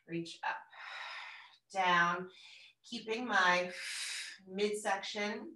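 Woman, fitness instructor, bright voice, calm encouraging cues, roomy and distant sound. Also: medium pitch. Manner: calm, encouraging cueing with audible exertion breaths. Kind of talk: guided workout instruction. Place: room at home, exercising on the floor.

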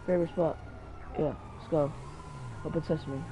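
A man's voice: on the high side, normal speed, low-quality recording. A man giving solo gameplay commentary, muttering and cursing at the game as he plays. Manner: excitable, mutters and curses at the game. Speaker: gamer.

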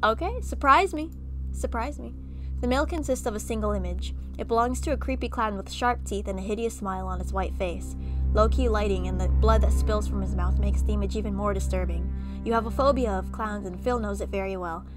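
A woman reading an interactive horror story game aloud and breaking off for animated, chatty reactions. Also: mid-range voice, a little fast, over music. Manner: animated, chatty asides between narration. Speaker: gaming video creator.

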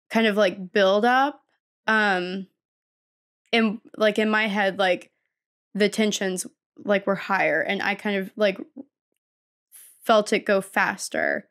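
A woman's voice: medium pitch, takes it slowly, pauses often. A woman chatting casually as a podcast co-host and writer, rambling with lots of fillers and restarts. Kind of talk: casual chat.

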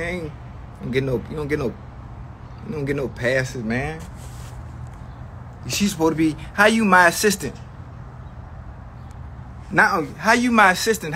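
A man's voice: fairly high pitch, pushed and bright, a little hiss or hum. A man ranting to his livestream chat in a comedic, mock-outraged way, slangy and profane, repeating lines for effect.

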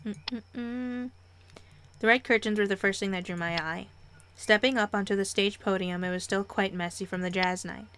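Expressive young woman reading a visual novel. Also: mid-range voice, brisk, slight background noise. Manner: expressive, reads narration and reacts with excited squeals. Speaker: let's play host.

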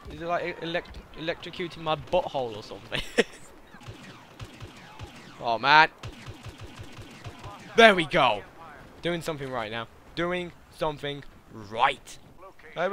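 A young man doing excitable gameplay commentary, laughing often and shouting at the game. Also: fairly high pitch, normal speed, long pauses, slight background noise. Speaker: gaming YouTuber.

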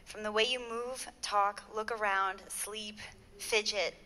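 A woman's voice: medium pitch, steady tone, slow pace, noisy background. A young woman, the bride, reading heartfelt wedding vows at her ceremony. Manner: heartfelt, earnest, with light laughs.

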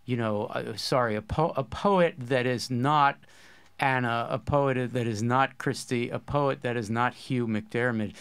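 Man, host, casual academic talk, enthusiastic, mid pitch. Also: unhurried, a bit bright, clean tone. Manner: enthusiastic, explaining ideas. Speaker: host of a poetry course discussion.

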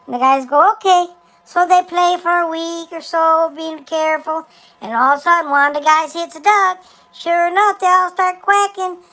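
A man's voice: very high voice, fairly even intonation, moderate pace, bright, forceful tone, heavily acted, low-quality recording. A man voicing Dexter, a chatty boy character who tells a long folksy joke with stumbles and restarts. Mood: joke-telling. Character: chatty high-voiced boy named Dexter telling jokes. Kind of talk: comic storytelling to camera.

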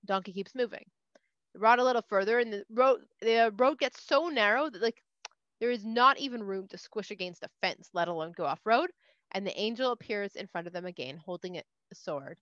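A woman's voice: mid-range voice, lively intonation, brisk, a bit bright, no echo. A woman casually retelling a scripture story for kids, chatty and full of "like", in a dull, dry recording. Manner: chatty, uses "like" a lot.

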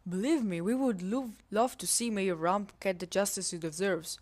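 A woman's voice: medium pitch, moderate pace, a little mellow, close to an everyday voice. A woman voicing a worried, cautious adult housemaid in a put-on Spanish accent, speaking careful, slightly broken English while reading a game aloud.

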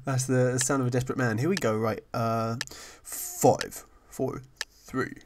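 A man's voice: mid-range voice, fairly even intonation, a little slow, a little hiss or hum. A man giving casual, rambling commentary over his own gameplay, chatty, apologetic and self-deprecating. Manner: frequently apologetic. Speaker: gaming channel host.

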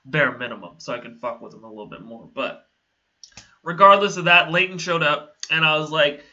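A man's voice: on the high side, fairly quick, bright, forceful tone, muffled recording. A young man telling a casual story to his channel, rambling, laughing often and swearing freely. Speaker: vlogger.

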